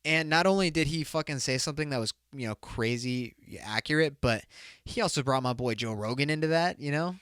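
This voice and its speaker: A man's voice: a little high, fairly quick, a bit bright, clear, resonant tone, no room sound, clean studio sound. A young man hosting his own podcast, rambling loosely in a casual, profane, bro-ish way. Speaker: podcast host. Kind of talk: casual solo podcast talk.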